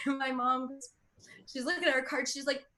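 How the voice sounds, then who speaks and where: A young woman from Russia, with no trace of a Russian accent, hosts a stand-up comedy set in a steady, high, pushed, bright voice at a moderate pace. Her humor is chatty and self-mocking, and she laughs at her own jokes.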